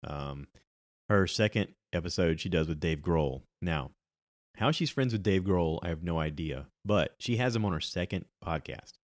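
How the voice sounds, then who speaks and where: A man's voice: deep voice, normal speed, no echo, studio quality. A middle-aged man chatting casually on his own about movies and podcasts, rambling with many ums and restarts.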